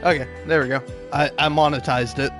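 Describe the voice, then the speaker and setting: A man's voice: on the high side, fairly even intonation, fairly quick, a bit bright, faint music behind. A young man chatting casually on a gaming live stream, rambling and self-deprecating with lots of false starts. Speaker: gaming livestreamer.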